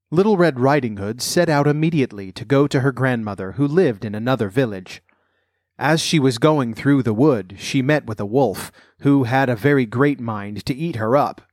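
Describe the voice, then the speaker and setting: A man narrating a fairy tale in a measured, clear storytelling voice. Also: mid-range voice, no echo, studio quality.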